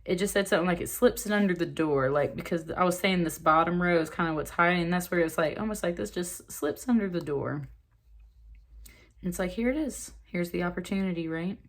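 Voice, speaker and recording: A woman giving a casual spoken tarot reading, chatty and excitable, full of fillers and asides. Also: fairly low pitch, brisk. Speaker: tarot reader.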